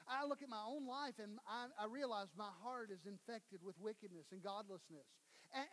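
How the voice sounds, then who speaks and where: A male pastor with a Southern US accent, preaching a sermon and acting out quoted voices. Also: very high-pitched. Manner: animated preaching with acted-out quotes.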